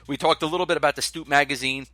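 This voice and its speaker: A man's voice: a little high, fairly even intonation, rapid-fire, bright, forceful tone, no room sound. A man with a Philadelphia-area accent co-hosting a casual sports podcast, laid-back and joking, with lots of fillers and restarts. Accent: Philadelphia-area American. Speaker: podcast co-host.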